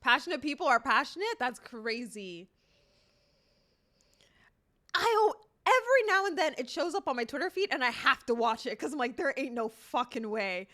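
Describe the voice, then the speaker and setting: A young woman in her twenties chatting casually with her viewers as a livestreamer, telling stories in an animated, laughing way with some swearing. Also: sits high, normal speed, pauses often.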